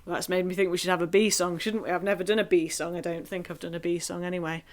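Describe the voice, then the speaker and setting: A woman leading a singing group through warm-up exercises, encouraging and playful, chanting rhythms and vocal sounds. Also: fairly low pitch, flat delivery, fast talker.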